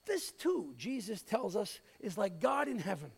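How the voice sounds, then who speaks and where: A man pastor preaching a sermon, telling a story with light humor in an expressive way. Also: sits high, unhurried, creaky, husky. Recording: hall reverb.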